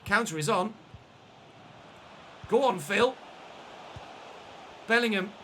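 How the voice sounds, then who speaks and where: A man commentating his own football video game match, excitable and shouting at goals, his voice going hoarse. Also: high-pitched, takes it slowly, slight background noise. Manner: shouts and celebrates goals, then chats calmly. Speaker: gaming commentator. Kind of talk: excited live gameplay commentary.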